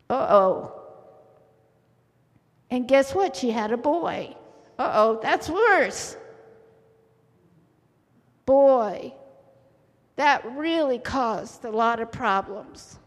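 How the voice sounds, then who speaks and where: A woman preaching a sermon in a church, telling the story with lively, theatrical flair. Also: high voice, slow, long pauses. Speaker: pastor's wife preaching. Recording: church hall reverb.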